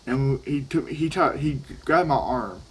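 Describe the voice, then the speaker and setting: A man's voice: medium pitch, measured pace, slightly rough, rough recording. Rambling, profane teenage boy. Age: teens. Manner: profane, rambling, restarts sentences. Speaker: vlogger. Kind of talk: casual storytelling while vaping.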